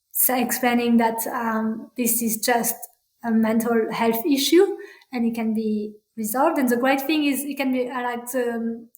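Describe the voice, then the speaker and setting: A woman with a French accent speaks in a high, bright register. She answers an interviewer's questions hesitantly, restarting her sentences and filling gaps with ums. Her voice rings in a noticeably echoey room. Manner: halting, many fillers and restarts. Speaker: parental burnout practitioner, guest.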